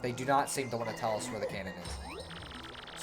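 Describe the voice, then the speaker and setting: Low-voiced woman swearing through a game. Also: animated, a little fast, fairly bright tone, rough recording. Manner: casual, swearing, thinking aloud. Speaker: game streamer. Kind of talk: let's-play commentary. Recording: game music behind.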